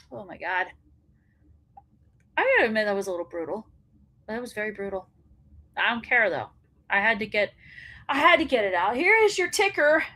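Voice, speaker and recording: A woman's voice: medium pitch, big pitch swings, moderate pace, pauses often, bright, forceful tone. A woman hosting a wrestling commentary show, ranting bluntly and profanely, fired up.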